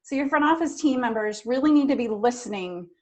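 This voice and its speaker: A middle-aged woman runs a training session for front office staff. She talks in a direct, energetic coaching tone, and her voice sits a little high. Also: a little fast. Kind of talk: training talk.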